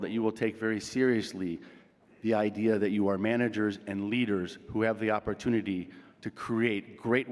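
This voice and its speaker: An American man giving a measured, deliberate formal address at a graduation ceremony, with frequent ums and uhs. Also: lowish voice, a little mellow. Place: large graduation hall. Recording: long reverb of a large hall.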